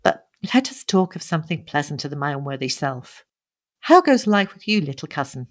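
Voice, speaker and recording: A woman's voice: low-pitched, sing-song, brisk, pitched below the performer's own voice. A woman reading as a weary, bitter young wanderer. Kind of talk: audiobook character reading.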